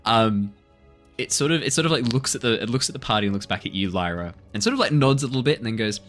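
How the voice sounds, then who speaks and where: A man's voice: medium pitch, animated, fast talker, fairly bright tone, soft background music. A man running a tabletop game as game master, hesitant and full of fillers.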